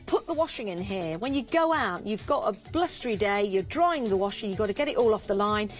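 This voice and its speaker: A woman's voice: medium pitch, lively intonation, a little fast, soft background music. A woman with an English Midlands or Northern accent presenting on a live shopping channel in a TV studio, chatty and upbeat, repeating prices and counts for emphasis. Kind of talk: live TV product selling.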